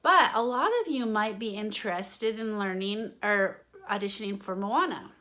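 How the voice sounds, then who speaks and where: A woman's voice: mid-range voice, normal speed, bright, forceful tone. A woman drama teacher giving an online singing lesson, explaining each point to her students and then singing examples.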